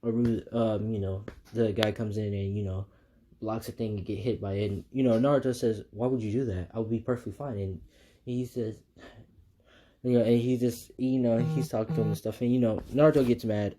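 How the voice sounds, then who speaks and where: A man's voice: on the low side, steady tone, normal speed, mellow. A man casually retelling a fan story, rambling with many fillers and restarts.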